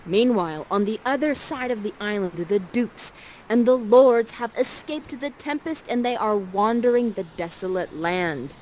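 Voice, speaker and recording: A woman's voice: a little high, animated, moderate pace, darkish tone, a little hiss or hum, rough recording. A woman playfully narrating and directing players through a live play, coaxing and jokey, on a headset mic. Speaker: immersive theater performer guiding players.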